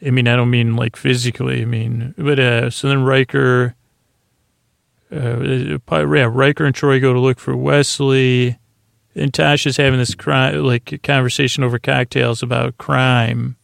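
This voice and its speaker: A man's voice: medium pitch, flat delivery, a little slow, vocal fry, no room sound, studio quality. A man hosting a bedtime podcast, recapping a TV episode in a meandering, hesitant way full of asides and restarts. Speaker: podcast host.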